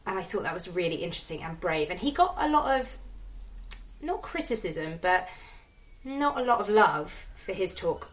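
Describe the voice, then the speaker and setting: A woman's voice: lowish voice, very animated, normal speed, recorded from a distance, low-quality recording. A woman hosting a casual podcast interview, chatty and rambling. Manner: chatty, rambling, self-deprecating. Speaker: podcast host.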